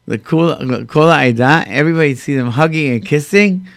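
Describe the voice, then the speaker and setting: A man's voice: fairly high pitch, a little fast, gravelly, dry recording, studio quality. A man telling stories in a casual conversation, acting out quoted speech and mixing in Hebrew and Yiddish terms.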